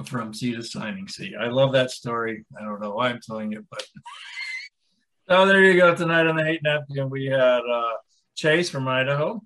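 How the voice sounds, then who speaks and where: This man in his forties co-hosts a podcast, telling a rambling story and laughing as he goes. His voice sits at medium pitch with a slightly bright tone and a normal speed, and the rough recording carries slight background noise.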